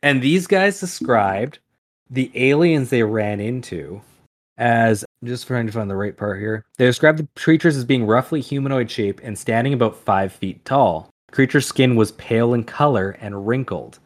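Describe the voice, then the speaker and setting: A man's voice: medium pitch, normal speed. A man co-hosting a podcast, telling a story in a chatty, loose way and correcting himself as he goes. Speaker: podcast co-host. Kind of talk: casual storytelling.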